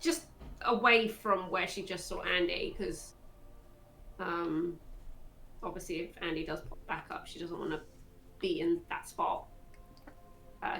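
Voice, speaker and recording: A woman's voice: lowish voice, creaky, fairly bright tone, low-quality recording. A woman playing a tabletop game, hesitantly describing her character's actions with many fillers. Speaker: player. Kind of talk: casual tabletop game play.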